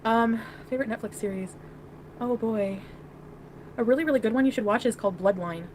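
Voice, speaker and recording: A woman's voice: fairly high pitch, a little fast, a little mellow, a little hiss or hum. Giggly, crude woman livestreamer. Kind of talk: casual livestream chat.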